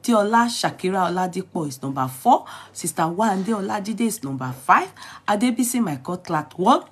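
A woman's voice: medium pitch, expressive, normal speed, breathy edge. A woman with a Nigerian accent hosting a live stream. She greets viewers by name, chats freely and laughs often as she goes over the news. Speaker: vlog host.

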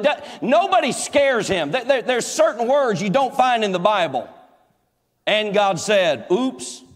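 Pastor preaching, high voice, folksy jokes, big echoey church hall. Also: male voice, a bit bright. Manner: folksy, joking, emphatic repetition. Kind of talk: sermon.

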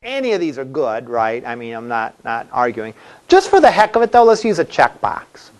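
A man's voice: medium pitch, wildly swooping pitch, normal speed. A male college instructor giving a classroom lecture in a conversational way, asking the class questions as he goes.

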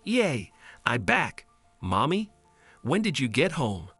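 Man doing a kind little girl, earnest and pleading, lively pitch, soft music behind. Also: slow pace, husky, no room sound, heavily acted. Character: sweet sad little girl, kind and eager.

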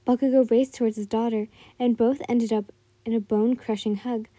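High-voiced woman reading a fan story. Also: steady tone, a little fast, mellow, dry recording. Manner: stumbles over words, corrects herself. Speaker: fan fiction reader. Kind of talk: reading fan fiction aloud.

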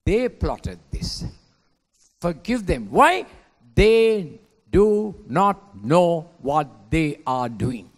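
A man preaching a sermon as a pastor, swinging between hushed lines and shouted ones. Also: on the high side, big pitch swings, very slow. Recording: long hall reverb.

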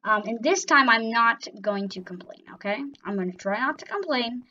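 A woman's voice: on the high side, lively intonation, normal speed, bright, forceful tone. A young woman commenting on her own gameplay, swinging between mock cheer and grumbling complaints. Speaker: gaming YouTuber. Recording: slightly dull lo-fi audio with faint noise.

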